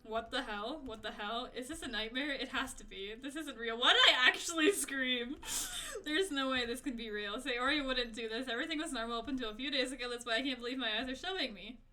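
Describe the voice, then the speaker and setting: A woman reading aloud the inner narration of a guilt-stricken young male student from a game, in a quiet, subdued way. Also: sits high, brisk.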